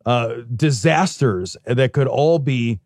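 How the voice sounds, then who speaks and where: A man's voice: medium pitch, animated, slow pace, darkish tone, no room sound, studio quality. Man ranting, impassioned and emphatic. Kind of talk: casual chat.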